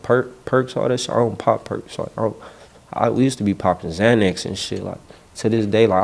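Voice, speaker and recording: A man's voice: lowish voice, creaky. A young man from Los Angeles, a rapper, telling slangy rambling stories in a casual interview. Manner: slangy, rambling, animated street storytelling.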